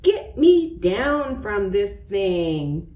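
A woman voicing a small, excitable male mouse in a storybook read-aloud, with a lively voice that sits a little lower than her narration. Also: extremely slow. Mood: eager. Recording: roomy, away from the mic.

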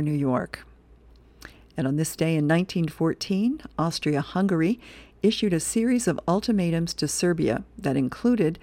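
A woman volunteer reader for a radio reading service, reading comics and history aloud in a steady, clear way. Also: low voice, dry recording. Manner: steady, clear read-aloud with occasional laughs.

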